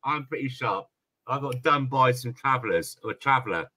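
A man's voice: medium pitch, normal speed, dry recording. A man telling a story in casual live-stream chat, swearing freely. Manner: swearing storyteller, animated anecdotes.

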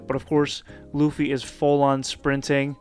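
Speaking in a mid-range voice with a completely flat delivery, a man casually recaps and comments on a manga chapter. His retelling is loose and chatty, full of fillers and quick laughs.

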